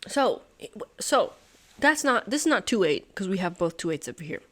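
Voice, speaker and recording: An excitable woman works through a puzzle out loud, talking to herself and her viewers. Her pitch swings up and down a lot, and she swears and laughs in disbelief. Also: moderate pace. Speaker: host solving a sudoku puzzle. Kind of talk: thinking aloud while solving a puzzle.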